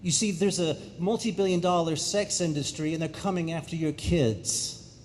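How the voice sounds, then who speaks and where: A middle-aged man from England, a guest speaker giving a lively, jokey presentation that speaks directly to the audience in a high school auditorium. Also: normal speed, slight background noise.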